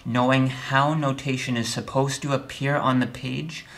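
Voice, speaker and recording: A man's voice: medium pitch, fairly even intonation, moderate pace. Chatty male music theory instructor. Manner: chatty, wry, keeps checking in with "okay?"; speaks beat counts out loud with strong accents on downbeats. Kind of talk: recorded video lesson.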